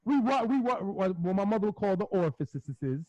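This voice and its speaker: A middle-aged man with a high voice chats casually as a podcast co-host, telling rambling, animated stories at a slightly fast clip. He laughs often and acts out quotes, and the recording is dry and a bit muffled.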